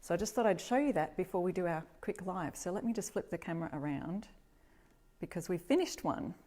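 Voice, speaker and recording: Animated and brisk, a middle-aged Australian woman hosts a casual DIY live stream from her home workshop, chatting and saying hello to viewers by name. Her voice is on the low side with a dark tone, a bit stuffy, and she clears her throat at times.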